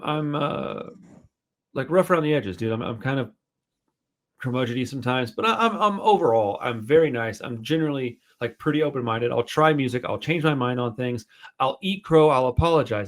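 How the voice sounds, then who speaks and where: A man hosting a podcast in casual chat, rambling and swearing freely, self-deprecating. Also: mid-range voice. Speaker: podcast host.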